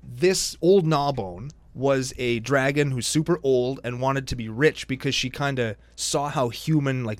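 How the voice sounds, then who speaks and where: A man's voice: mid-range voice, no room sound. A man co-hosting a podcast, telling stories about game cards in casual chat. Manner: animated storytelling. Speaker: podcast co-host. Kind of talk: casual card review chat.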